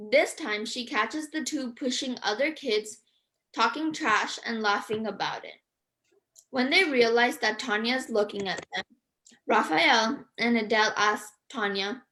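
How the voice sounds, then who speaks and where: A woman's voice: fairly high pitch, a bit bright, low-quality recording. A woman author on a radio interview, earnest and a bit hesitant, reading from her book. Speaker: author and guest. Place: radio studio.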